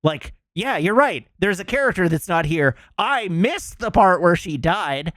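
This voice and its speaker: A man's voice: high voice, very animated, unhurried, a bit bright, dry recording, studio quality. A man streaming, chatting casually and rambling with many fillers as he makes emphatic complaints.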